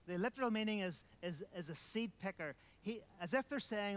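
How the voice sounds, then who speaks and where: A man's voice: high-pitched, expressive, a little fast, few pauses. A man preaching a sermon, emphatic, repeating phrases and asking rhetorical questions.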